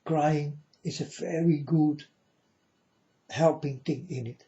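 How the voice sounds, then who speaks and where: A man talks slowly to his viewers in a relaxed, mellow voice, circling back to the same points and asking again and again whether they follow. The sound is dull and lo-fi. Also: fairly high pitch. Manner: slow, repetitive, keeps asking the listener "you understand?". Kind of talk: casual spiritual monologue to viewers. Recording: dull lo-fi recording.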